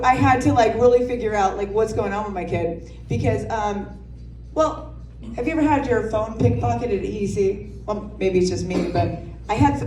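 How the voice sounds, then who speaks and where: On a comedy club stage, a woman in her thirties delivers a brash, profane stand-up set of parenting stories that get laughs. Her voice sits on the high side with a dark tone, and the distant mic picks up a roomy sound plus a little hiss or hum.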